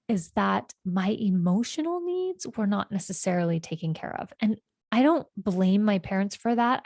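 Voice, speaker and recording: A woman's voice: mid-range voice, vocal fry, no echo, studio quality. Reflective woman in her forties telling stories. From California. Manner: meandering, reflective, gentle self-corrections. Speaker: podcast host. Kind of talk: reflective personal storytelling.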